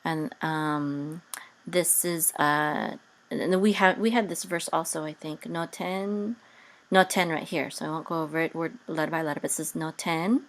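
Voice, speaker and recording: A woman teaching Hebrew reading over a video call, patient and hesitant with many pauses, now and then chanting words in a sung tone. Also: low voice, fairly even intonation.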